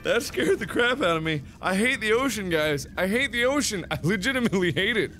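Man, let's play commentary, panicky outbursts, lively pitch, game music behind. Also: fairly quick. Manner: jumpy, panicky exclamations and nervous laughs. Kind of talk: gameplay commentary.

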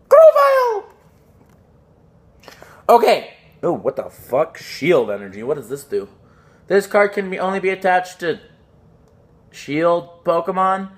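A young man talking casually as he unboxes trading cards on a phone recording, excitable, swearing often and tossing out jokey asides. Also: sits high. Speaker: card unboxing vlogger.

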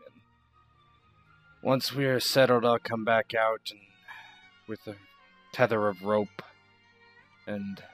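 A man playing a tabletop game, calmly describing his character's actions. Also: on the low side, creaky. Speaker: player.

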